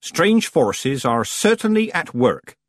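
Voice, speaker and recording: Man doing cold bossy old witch lady, clipped, husky voice. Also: fairly high pitch, big pitch swings, takes it slowly, no room sound, studio quality, voice pushed up, full character voice. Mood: stern. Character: stern, icy old woman witch.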